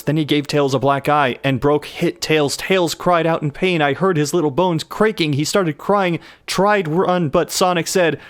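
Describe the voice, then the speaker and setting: A man's voice: a little high, normal speed, hardly any pauses. A young man hosting a comedic live reading of a bad horror story, stumbling over misspellings and cracking up.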